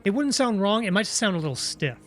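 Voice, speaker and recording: A man streams a video game and talks it through in a chatty, musing way. His voice sits a little higher than most men's. Soft game music plays under him. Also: sing-song, fast talker. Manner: chatty, musing, playful asides. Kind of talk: live gameplay commentary.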